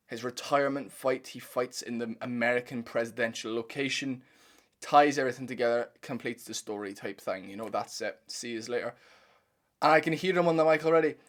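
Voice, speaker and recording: This is a young man, delivering a blunt, profane commentary rant. His voice sits at an ordinary middle pitch. His delivery is animated and opinionated throughout. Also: brisk. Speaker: MMA commentator channel host. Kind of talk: ranting reaction commentary.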